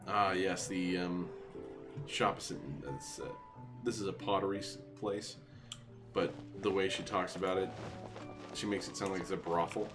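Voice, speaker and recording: Deep-voiced guy casually joking through a game playthrough, game music in the back. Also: level tone, moderate pace. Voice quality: chatty, jokey, nosy. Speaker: gaming channel host. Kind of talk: casual let's play commentary. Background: video game music.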